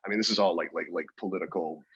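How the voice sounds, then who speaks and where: A man's voice: sits low, rapid-fire, slightly rough, no room sound, highs cut off. A man co-hosting a podcast in casual chat, rambling and restarting his sentences and laughing often. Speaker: podcast co-host.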